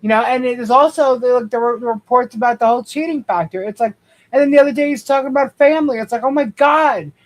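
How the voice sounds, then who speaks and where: A woman co-hosting a livestream, speaking in a calming, halting way with many fillers and restarts. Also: on the high side, poor audio. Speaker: co-host. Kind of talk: livestream commentary.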